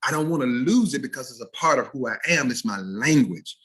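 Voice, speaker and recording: A man with a Southern American accent, an educator giving a lively recorded video-call lesson on speech and code switching. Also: mid-range voice, fairly quick, slightly rough. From Southern United States. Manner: animated, switches into dialect examples for contrast. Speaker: educator teaching diction.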